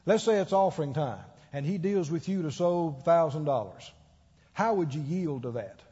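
A man's voice: on the high side, animated, moderate pace, warm tone, slightly rough. A man preaching a sermon, telling stories with acted-out quotes and laughing along. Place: church. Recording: dull echoey church hall.

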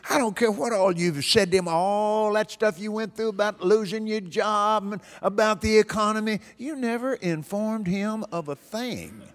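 A man's voice: high voice, moderate pace, hardly any pauses. An older man preaching a sermon in a folksy, emphatic way, repeating phrases for stress. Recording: long hall reverb.

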